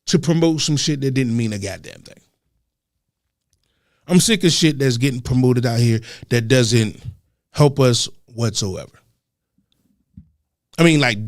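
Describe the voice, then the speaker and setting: A man co-hosting a talk show, ranting with heavy profanity and swinging between loud and soft. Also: mid-range voice, no room sound, clean studio sound. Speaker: podcast co-host. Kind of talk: heated casual talk.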